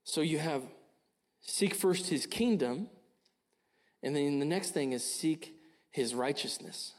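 A man's voice: on the high side, expressive, takes it slowly. A young man preaching a sermon, earnest and urging, often repeating his phrases. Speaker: pastor.

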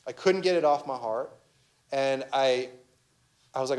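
A man's voice: medium pitch, measured pace, darkish tone. A young man, a pastor, giving a conversational sermon full of personal stories, with many restarts and fillers.

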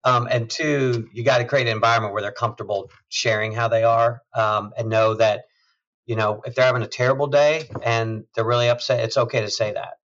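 Measured man, slightly muffled audio. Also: medium pitch, fairly even intonation. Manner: measured, thoughtful, trails off softly. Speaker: hospital system CEO, guest. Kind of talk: reflective conversational interview.

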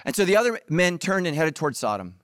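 A man's voice: on the high side, fast talker, no echo. Upbeat preaching man, dry sound. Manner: energetic, jokey preaching with audience asides. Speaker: pastor. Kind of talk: sermon.

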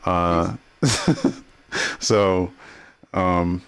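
A man with a smooth, resonant, lowish voice co-hosts a casual gaming podcast. He talks bluntly and swears freely, repeating words as he works up to a rant. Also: extremely slow, a bit bright. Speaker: podcast co-host.

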